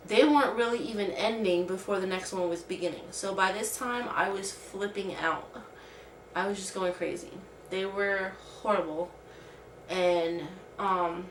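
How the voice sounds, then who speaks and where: A woman's voice: mid-range voice, fairly bright tone, a little hiss or hum. A woman vlogger telling a personal story in casual, rambling talk full of "like". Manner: rambling, heavy use of "like". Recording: roomy sound from a distant mic.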